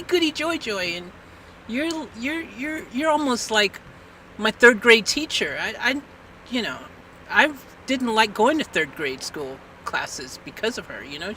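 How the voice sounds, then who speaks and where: A woman's voice: medium pitch, recorded from a distance, a little hiss or hum, low-quality recording. An American woman hosting a livestream, chatting casually and animatedly with an AI assistant, pleading and laughing. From United States. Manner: animated, pleading, repeating herself, bursts of laughter. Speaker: livestream host. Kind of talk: casual live chat with an AI assistant.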